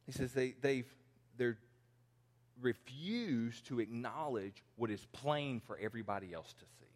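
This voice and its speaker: A man's voice: mid-range voice, expressive, a little slow. A pastor in his forties preaching a conversational sermon, acting out the people he quotes. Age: 40s. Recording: long reverb in a large hall.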